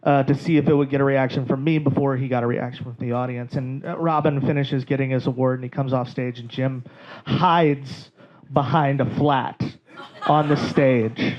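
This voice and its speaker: A man doing stand-up on a comedy club stage, telling a rambling, animated anecdote. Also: medium pitch, normal speed, dull audio. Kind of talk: stand-up storytelling.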